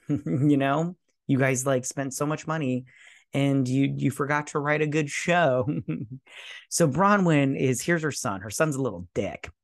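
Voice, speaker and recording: A man's voice: medium pitch, unhurried, no echo, clean studio sound. A man hosting a TV review channel, recapping an episode in a casual, crude, mocking way and often stumbling to recall names. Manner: crude, mocking, loose paraphrase; hesitant, searching for names.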